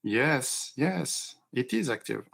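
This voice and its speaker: A man's voice: mid-range voice, lively intonation, creaky, fairly bright tone. A man with a French accent, a native French speaker, answering hesitantly on a video training call. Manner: hesitant, halting.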